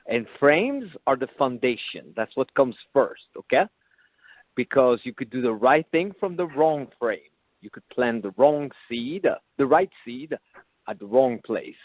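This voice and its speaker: Measured man explaining communication frames. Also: medium pitch, dry recording, dull audio. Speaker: podcast host and coach. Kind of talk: teaching explanation.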